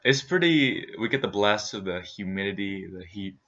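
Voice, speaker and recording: A man's voice: lowish voice, expressive, moderate pace, a bit bright, dull audio. A man co-hosting a casual travel recap, chiming in with jokes. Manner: joking, chiming in on his partner's lines. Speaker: co-host recapping a trip.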